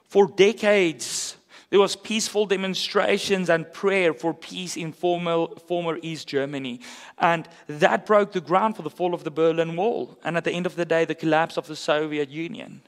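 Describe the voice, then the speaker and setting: Male pastor, sermon, casual and earnest, higher-pitched voice, long hall reverb. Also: steady tone, moderate pace. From South Africa. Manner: earnest and conversational, with casual asides.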